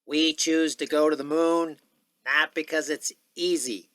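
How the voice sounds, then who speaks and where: A man's voice: on the high side, steady tone, unhurried, fairly bright tone, no room sound, voice pushed up. A man doing an amateur impression of a 1960s male president giving a stirring speech in an emphatic orator's cadence. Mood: rousing.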